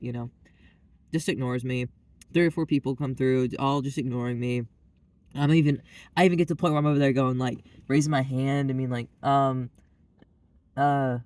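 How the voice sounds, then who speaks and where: A man speaking to camera in a loose vlog rant, piling on fillers and asides as his exasperation builds. His voice sits in an ordinary middle pitch. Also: fairly even intonation, brisk, darkish tone. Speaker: vlogger. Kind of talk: casual ranting monologue.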